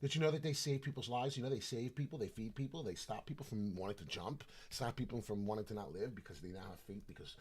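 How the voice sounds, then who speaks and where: A brash man with a New York accent, rambling excitedly on a live crypto chart stream, jumping between loud outbursts and low mutters. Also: fast talker, few pauses, a little hiss or hum. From New York / New Jersey. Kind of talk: casual live stream chat.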